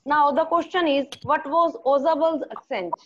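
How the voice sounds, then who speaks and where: A woman teacher with an Indian accent who repeats each question, explains slowly and slips into Hindi. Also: sits high, steady tone, muffled recording, slight background noise. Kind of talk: online class lesson.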